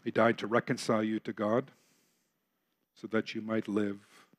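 A man's voice: on the low side, little pitch movement, normal speed. A man pastor preaching a sermon in a church, earnest and full of rhetorical questions. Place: church sanctuary.

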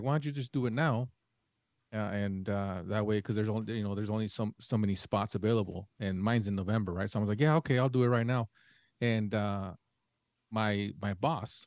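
A man's voice: fairly low pitch, a little mellow, dry recording, clean studio sound. A man co-hosting a podcast, telling a long story in casual chat and acting out the dialogue in it. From Mexican family. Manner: rambling storyteller, acts out quoted dialogue. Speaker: podcast co-host.

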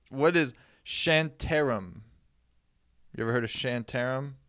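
A man's voice: medium pitch, slow, fairly bright tone, no echo. Guy cohosting a podcast, jokey, laughs a lot, cusses, dry close mic. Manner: joking, laughs often, swears casually. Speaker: podcast co-host. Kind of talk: casual podcast banter. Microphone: studio microphone.

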